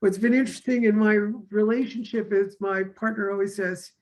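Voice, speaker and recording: Chatty woman telling lively stories. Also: mid-range voice, a little fast, low-quality recording. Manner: animated storyteller, acts out quoted dialogue. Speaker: course teacher. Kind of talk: casual conversation.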